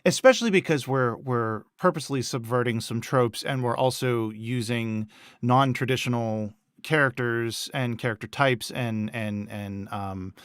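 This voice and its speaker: A man in casual creative brainstorming chat, thinking aloud and acting out quick character lines. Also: medium pitch, clean tone, dry recording, clean studio sound. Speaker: co-host.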